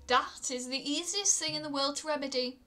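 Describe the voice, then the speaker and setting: A woman's voice: high voice, fairly quick, sharp tone, faint music behind. A woman voicing a scheming male trickster god who sounds falsely friendly and helpful, in a read-aloud myth. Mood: coaxing.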